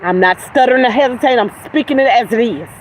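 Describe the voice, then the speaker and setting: A woman's voice: fairly high pitch, quick pace, low-quality recording. Blunt, preachy woman over street noise. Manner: blunt, emphatic, preachy, with spiritual talk and cursing. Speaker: livestream host. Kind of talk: casual livestream monologue.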